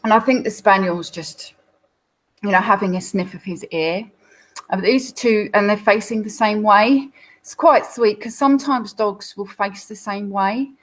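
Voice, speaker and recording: A woman's voice: medium pitch, measured pace, low-quality recording. A woman hosting a live Q&A, talking through viewer photos in a chatty, explanatory way with frequent fillers. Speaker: dog behaviourist host.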